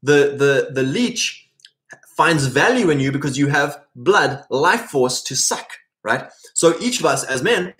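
A middle-aged man giving a casual preaching talk to men, animated and acting out quoted voices as he goes. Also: a little high, a little slow. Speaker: Christian men's teacher.

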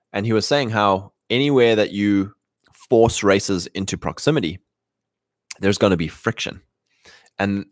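A man with a fairly low voice talks through a loose, rambling monologue, restarting his sentences and slipping into mocking voices. The sound is dry and close, with no room around it. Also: no room sound. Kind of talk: casual monologue.

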